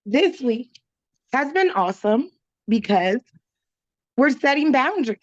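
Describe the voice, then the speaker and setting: A woman talking as a guest in a relaxed conversation, chatty and full of casual fillers. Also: high-pitched, unhurried, no room sound, dull audio. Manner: chatty, full of "like" and "you know".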